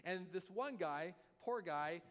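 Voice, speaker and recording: A man preaching a sermon as a pastor, animated and acting out the voices of the people he quotes. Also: high-pitched, takes it slowly. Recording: long hall reverb.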